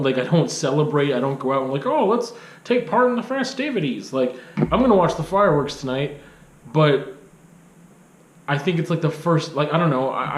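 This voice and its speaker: A young man, talking casually to camera in a rambling, self-deprecating way, full of hedges and fillers. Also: mid-range voice. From Canada. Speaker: video blogger and artist. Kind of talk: casual unscripted monologue. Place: art studio. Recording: echoey room.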